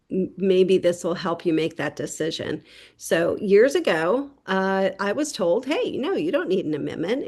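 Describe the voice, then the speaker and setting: In a casual how-to tip video, a woman real estate agent with a medium-pitched voice shares advice with other agents. She tells it chattily like a story, briefly doing voices for the people in it.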